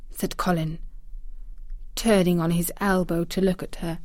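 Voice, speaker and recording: A woman's voice: on the low side, flat delivery, normal speed, darkish tone, dry recording, studio quality. A woman narrating a classic children's novel aloud, reading carefully for language learners. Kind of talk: slow storybook reading for learners.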